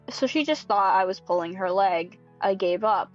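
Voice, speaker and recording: A woman's voice: mid-range voice, animated, muffled recording, faint music behind. A young woman reading a creepypasta aloud in a casual way, breaking off to laugh and comment. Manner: quick, giggly and sweary. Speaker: creepypasta reader.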